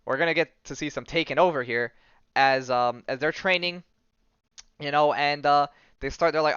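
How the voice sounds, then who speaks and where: Chatty male podcast host, smooth voice. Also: mid-range voice, fairly quick, no room sound, muffled recording. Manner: animated, jokey storyteller with many fillers. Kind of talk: casual chat retelling a comic.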